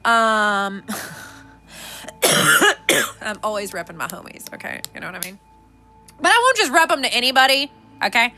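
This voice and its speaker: Sassy, animated young woman podcaster. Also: a little high, moderate pace, long pauses, faint music behind. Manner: animated, sassy, laughing often. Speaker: podcast host. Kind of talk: casual podcast chat.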